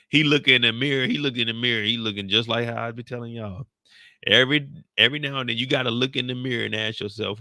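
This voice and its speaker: A man recaps a TV episode in loose, slangy, joking commentary. His voice is bright and forward. It is recorded dry, with no room echo. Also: medium pitch, quick pace. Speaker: YouTube show recapper. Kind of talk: casual reaction commentary.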